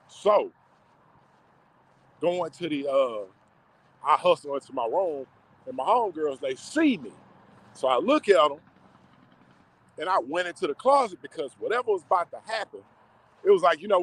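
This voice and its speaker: A man telling a personal story to camera in a slangy, emotional, drawn-out way. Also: sits high, poor audio.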